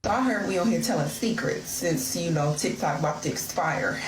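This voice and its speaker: A woman's voice: lowish voice, animated, a little fast, hardly any pauses. Chatty woman telling a wild story. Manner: chatty, playful, addresses listener as "girl". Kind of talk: casual confessional storytelling. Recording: roomy, distant, noisy phone audio.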